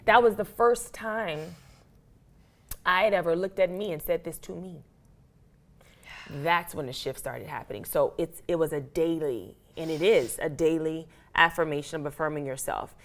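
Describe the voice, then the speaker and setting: A woman with an American accent, an actress and author telling her story as an interview guest, animated and acting out her own past thoughts. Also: low-pitched, moderate pace. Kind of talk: casual interview talk.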